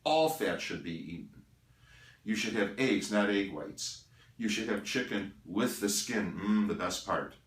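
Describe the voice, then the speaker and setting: A man's voice: lowish voice, animated, measured pace. An older man, a doctor, talking to the camera about diet in an emphatic way, listing items one by one. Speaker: doctor giving diet advice. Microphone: handheld camera at a distance. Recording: roomy, from far off the mic.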